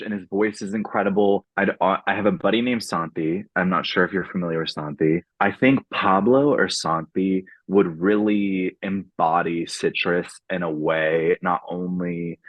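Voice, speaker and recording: A young man with a low, deep voice talks casually on a podcast, animated and quick to laugh. The sound is close and dry, with no room echo. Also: highs cut off. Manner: animated, laughs often, thoughtful when explaining his songs. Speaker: guest, singer.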